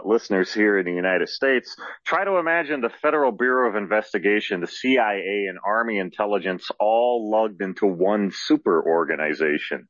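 A man appearing as a guest on a radio talk show, speaking haltingly with many fillers and spelling names out letter by letter. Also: fairly low pitch, fairly bright tone, no echo, dull audio. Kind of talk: conversational radio interview.

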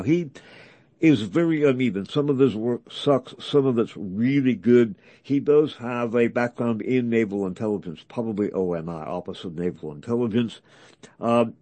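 A man hosting a talk program, reading article excerpts aloud in a halting way, with many fillers and restarts. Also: mid-range voice, dark tone, no echo. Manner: halting, many fillers and restarts, reads quotes with acted emphasis. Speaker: radio host.

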